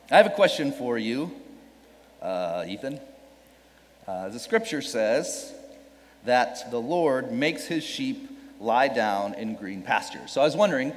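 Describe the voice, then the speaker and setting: A man preaching a conversational sermon, speaking casually and tossing out rhetorical questions to the congregation during a church service held on a farm. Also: mid-range voice. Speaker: pastor. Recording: long reverb of a large space.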